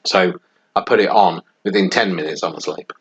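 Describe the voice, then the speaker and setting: This man co-hosts a podcast, talking a little fast in a deep, fairly bright and slightly rough voice. The chat is casual and meandering, punctuated by frequent laughter, and the audio is dull and lo-fi with faint noise.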